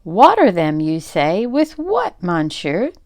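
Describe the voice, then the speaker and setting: A woman's voice: on the low side, huge pitch swings, slow pace, a little mellow, dry recording, studio quality, exaggerated voice. An older woman voicing a distraught, exclaiming French immigrant man in a storybook reading. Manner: exclaiming, dramatic.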